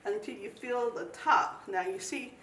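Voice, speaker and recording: A woman from eastern North Carolina, giving a folksy, animated cooking demonstration. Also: a little high, measured pace, echoey room, recorded from a distance, very noisy. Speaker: home cook.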